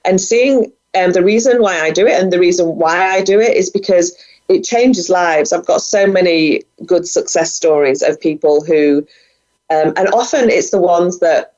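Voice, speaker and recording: Chatty woman, low voice, lo-fi call. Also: normal speed, darkish tone. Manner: enthusiastic, chatty, laughs often. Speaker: guest, budgeting coach. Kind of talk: casual interview talk. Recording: muffled, lo-fi sound.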